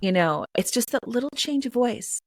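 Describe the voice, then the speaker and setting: A woman's voice: on the high side, animated, moderate pace. A woman answering interview questions about reading poetry aloud, chatty, with lots of fillers and playful sung sounds. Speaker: guest, poetry reader.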